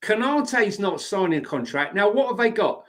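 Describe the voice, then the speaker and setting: Podcast co-host, male, high-pitched, pushy and insistent in casual debate. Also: very animated, normal speed, fairly bright tone. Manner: emphatic, argumentative, repeats himself. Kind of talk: casual football discussion.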